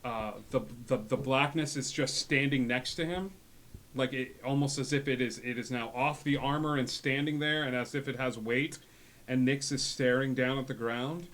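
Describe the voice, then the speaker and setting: A man running a tabletop game as game master, narrating in a halting way with many restarts. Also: mid-range voice, fairly even intonation, a bit bright.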